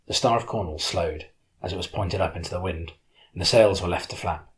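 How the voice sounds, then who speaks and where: A man narrating an audiobook in the first person with steady storytelling. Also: low-pitched, fairly quick.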